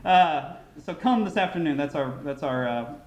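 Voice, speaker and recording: A man's voice: on the high side, expressive, moderate pace, echoey room. An American man giving a casual, anecdote-filled keynote speech at a conference, often restarting sentences and using fillers. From United States. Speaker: keynote speaker. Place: large conference hall.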